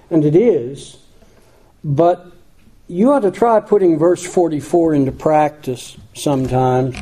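A man's voice: on the high side, mellow. A man preaching a sermon, reading scripture and adding folksy, self-deprecating asides. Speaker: pastor.

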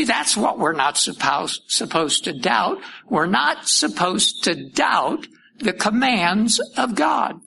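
A man preaching a sermon, teaching deliberately from the Bible and asking rhetorical questions. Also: high-pitched, gravelly, sharp tone, a little hiss or hum, rough recording.

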